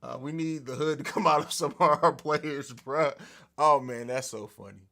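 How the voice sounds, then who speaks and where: Livestreaming a laid-back sports podcast from a home studio, this host speaks at normal speed in a slightly high voice. He's lively, swears freely, and laughs a lot, all captured on an overhead microphone.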